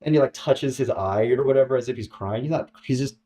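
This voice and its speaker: A man telling a personal story in a casual, halting way, repeating words and acting out what others said. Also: mid-range voice. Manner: halting, repeats words, lively quoting voices. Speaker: former contestant telling his story.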